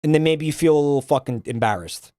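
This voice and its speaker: A man's voice: a little high, quick pace, warm tone, no echo, studio quality. A man streaming, ranting bluntly and swearing a lot in casual livestream commentary.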